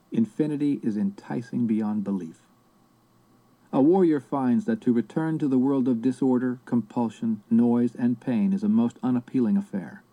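A man's voice: mid-range voice, lo-fi sound, close to an everyday voice. A man reading the part of an older male sorcerer in an audiobook, speaking in a harsh, commanding, solemn way.

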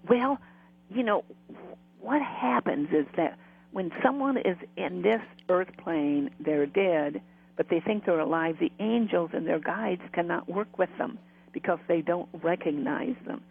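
A man's voice: high-pitched, measured pace, vocal fry, breathy edge, narrow, tinny audio. A man, a guest who works as a spiritual medium, telling rambling stories in an interview with frequent restarts. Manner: rambling, restarts often, laughs while telling. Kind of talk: storytelling interview.

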